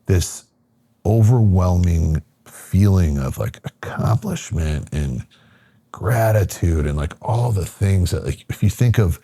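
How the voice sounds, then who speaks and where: A man's voice: sits low, expressive, slow, mellow, slightly rough, dry recording. A middle-aged man from Michigan, a podcast guest, telling a personal story casually with lots of fillers and acted-out quotes. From Michigan, USA.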